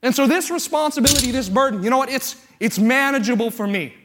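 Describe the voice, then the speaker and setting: Male pastor, very high pitch, breathless, earnest sermon cadence that builds. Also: fast, background noise. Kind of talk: sermon with a live weightlifting illustration.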